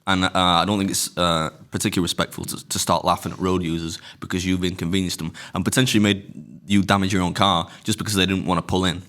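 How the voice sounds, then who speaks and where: A man's voice: sits low, level tone, quick pace, few pauses, a bit bright. A man, co-hosting a casual podcast, ranting with indignation about people who inconvenience others. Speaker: podcast co-host. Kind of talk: casual chat.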